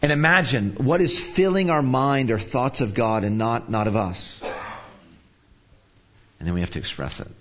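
A man's voice: medium pitch, normal speed, pauses often, fairly bright tone, highs cut off, slight background noise. A man preaching a sermon on anger, telling a personal story in a conversational, self-deprecating way.

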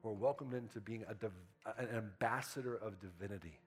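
A man with a lowish voice preaches in a relaxed, conversational way, using fillers like "man" and "like". Soft guitar plays faintly behind him. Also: fairly quick. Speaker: pastor. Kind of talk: sermon.

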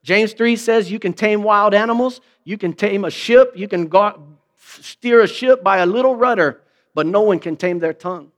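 A man's voice: sits high, normal speed. A man preaching a sermon in a conversational way, asking rhetorical questions and acting out quoted remarks in mock voices. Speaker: pastor.

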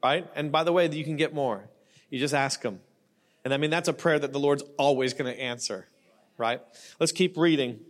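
Male pastor, high voice, chatty joking sermon, keeps asking right?, middle-aged. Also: normal speed. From not Australian. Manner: conversational, joking, frequent "right?" and "you know".

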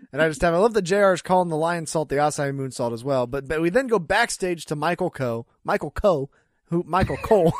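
A man's voice: fairly high pitch, no room sound, clean studio sound. A man co-hosting a podcast in casual chat, chatty and often laughing. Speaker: podcast co-host.

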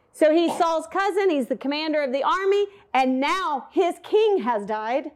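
A woman teaching a Bible lesson in a casual, animated, conversational way with playful asides. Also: high voice.

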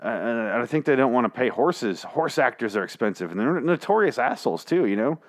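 Recording alone in a small studio with headphones and a studio mic, a male podcast host gives a rambling, profane, jokey recap. He speaks in a mid-range voice that is very animated and brisk.

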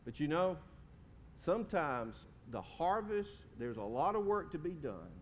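Very animated and a touch slow, this man's voice belongs to a pastor preaching in a church sanctuary. He keeps things folksy and conversational, quizzing his congregation as he goes, while the reverberant hall adds a faint rumble.

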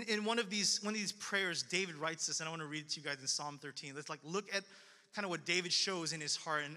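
High, bright-voiced man preaching casually. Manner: casual, earnest preaching with repeated phrases and fillers. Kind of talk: sermon. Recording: long hall reverb.

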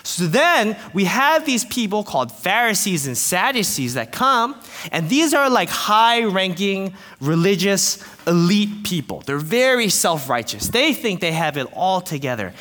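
Animated high-voiced man preaching in a reverberant hall. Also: a little slow. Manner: animated, jokey storytelling with playful asides. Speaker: pastor. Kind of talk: lively sermon to a congregation with kids.

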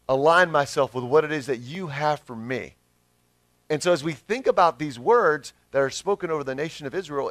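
A man's voice: on the high side, fairly bright tone, no echo. Earnest man preaching in a dry room. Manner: earnest, conversational preaching with rising emphasis. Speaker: pastor. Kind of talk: sermon.

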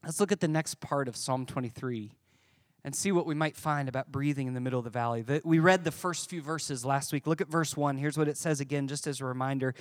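A male pastor preaching a sermon to a congregation in an animated, emphatic way. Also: medium pitch, brisk.

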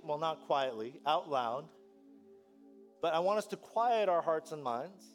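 A male pastor delivers a sermon in a fairly high voice. He tells stories with animated energy, slipping into other people's voices. Soft music sits faintly behind him. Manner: animated storytelling, acts out voices.

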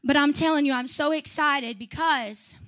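A young woman preaching a sermon, swinging from fiery shouts to chatty asides. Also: high voice, moderate pace. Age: young adult.

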